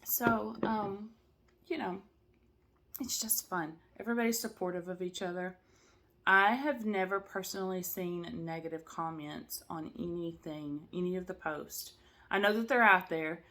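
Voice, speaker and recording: A woman's voice: fairly low pitch, measured pace, a bit bright. A tired woman chatting casually to camera at home, rambling with lots of fillers and asides. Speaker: cross-stitch vlogger.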